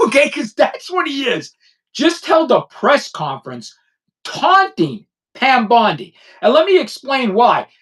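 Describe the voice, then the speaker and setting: Very high-pitched and a little bright, a middle-aged man who used to be a detective argues his opinions combatively on his podcast. He presses each point hard and repeatedly asks the listener "okay?"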